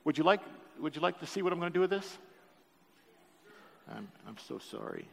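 The older pastor's voice is a little high, creaky and slightly rough, and he speaks fairly quickly with a lot of animation. His sermon, echoing through the church hall, mixes an emotional personal story with jokes for the congregation.

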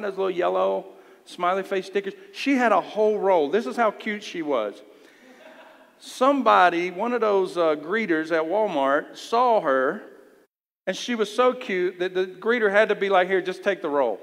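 A man's voice: high-pitched, normal speed, creaky, a bit bright. Guy preaching, candid personal story, voice ringing around a big hall. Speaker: youth leader preaching. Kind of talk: sermon. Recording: long hall reverb.

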